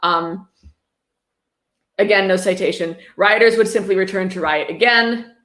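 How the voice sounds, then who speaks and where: A woman's voice: medium pitch, a little slow, fairly bright tone. Sarcastic woman reading a book aloud. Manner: sarcastic, mocking asides. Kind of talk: sarcastic dramatic reading with commentary. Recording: roomy echo.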